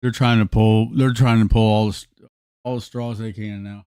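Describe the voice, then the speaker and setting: A man's voice: on the low side, level tone, normal speed, darkish tone, smooth, no echo, studio quality. A man co-hosting a casual talk show, chiming in with brief agreeing remarks. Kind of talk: casual chat.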